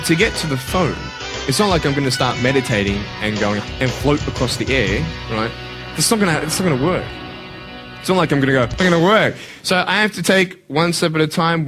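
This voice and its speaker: A man giving a motivational speech to a live audience. He swings between hushed and loud and keeps asking rhetorical questions. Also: a little high, husky. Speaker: motivational speaker.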